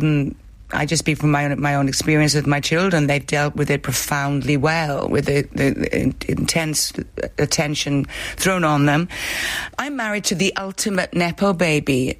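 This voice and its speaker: Emphatic middle-aged actress in interview. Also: female voice, sits low, no room sound. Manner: emphatic, repeats key words. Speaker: actor as interview guest. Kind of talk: interview answers.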